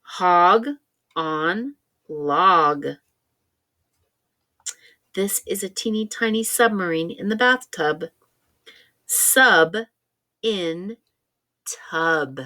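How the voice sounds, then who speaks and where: A woman giving a children's phonics lesson at a very unhurried pace, drawing out each sound so a small child can follow. Her voice sits a little low for a woman, and she keeps her tone patient and encouraging throughout. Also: pushed and bright. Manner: slow, stretched-out sounding of words and vowels; patient, encouraging, talking straight to a young child. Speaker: reading teacher.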